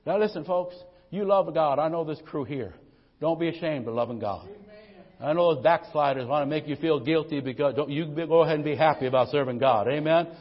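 Folksy preacher, husky voice. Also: male voice, a little high, fairly quick. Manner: folksy, exclaims amen often, storytelling with humor. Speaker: pastor. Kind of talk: lively folksy sermon. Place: church sanctuary. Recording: dull lo-fi church recording with long reverb.

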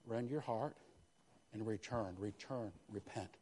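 A male pastor preaching a sermon, swinging from loud, rising exhortation to hushed, quiet confession, often speaking in quoted prayers and repeating phrases. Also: mid-range voice, moderate pace. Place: church.

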